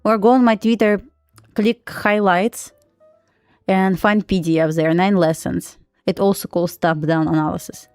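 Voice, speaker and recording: A woman's voice: mid-range voice, fairly even intonation, unhurried, darkish tone, clean tone, no echo. Female streamer with a Russian accent, loose and chatty, dry mic, light music bed. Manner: chatty, frequent laughs and "like" fillers. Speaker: live-streaming day trader. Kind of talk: casual live-stream chat.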